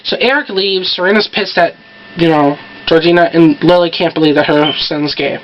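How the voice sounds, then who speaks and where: A woman casually recapping a TV episode, chatty and full of "so" and "like" fillers, with quick asides. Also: fairly low pitch. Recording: dull lo-fi home recording with faint background noise.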